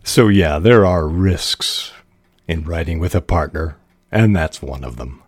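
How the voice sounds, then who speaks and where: Man, podcast host, measured and unhurried, low-pitched, dry close mic. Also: husky, no echo. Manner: slow, measured, with frequent uh fillers. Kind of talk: reading aloud and explaining.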